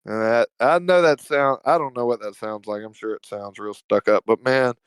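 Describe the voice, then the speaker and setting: A man's voice: mid-range voice, moderate pace, clear, resonant tone, no room sound, low-quality recording. A man with an Alabama Southern accent, talking as a podcast guest in a laid-back, slangy, profane and jokey way. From Evergreen, Alabama, US. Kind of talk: casual conversational storytelling.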